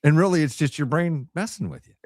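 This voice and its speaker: A man's voice: a little high, quick pace, a little mellow, no echo. Chatty male radio co-host, dry studio sound. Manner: chatty, rambling, self-deprecating storyteller. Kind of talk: casual morning radio chat.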